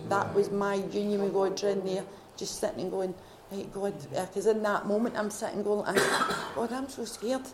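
A Scottish woman at a faith retreat, sharing her personal testimony in a heartfelt, halting way with many restarts. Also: medium pitch, background noise. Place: retreat gathering room.

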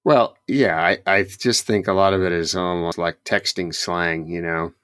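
Low-voiced man in rambling casual chat. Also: steady tone, moderate pace, a bit bright, no room sound, studio quality. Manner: rambling, laughs often, restarts. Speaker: podcast co-host.

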